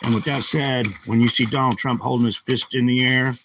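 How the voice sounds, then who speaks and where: A man's voice: medium pitch, fairly even intonation, brisk, noisy background. A man ranting angrily on a livestream, agitated and repetitive, talking into a handheld phone. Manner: agitated, ranting, repeats himself. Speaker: live streamer. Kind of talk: angry livestream rant.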